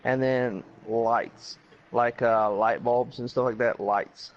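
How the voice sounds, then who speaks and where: A man's voice: medium pitch, fairly even intonation, slow pace, dull audio. A man joking mischievously in a casual gaming voice chat. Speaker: game chat player.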